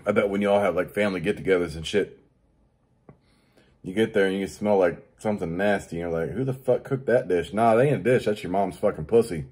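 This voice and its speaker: A man's voice: fairly quick, darkish tone, slightly rough. A man hosting his own show, ranting crudely with constant swearing and mocking impressions of other people. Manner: rants about daily annoyances, mimics others in high voice. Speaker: show host. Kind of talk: profane comedic rant.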